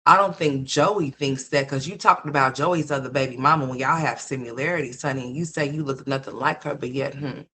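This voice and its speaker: This is an unscripted gossip commentary voice, blunt and full of profanity. The speaker scolds the listener directly and rambles, circling back to the same words again and again for emphasis. Pitch sits in the middle range. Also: a little fast, few pauses, bright, forceful tone. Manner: rambling, repeats phrases for emphasis.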